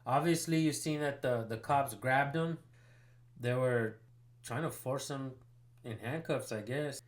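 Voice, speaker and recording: A man's voice: medium pitch, measured pace. A man hosting a citizen journalism channel, commenting casually and pressing a sheriff's station by phone. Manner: casual, rambling, filler-heavy.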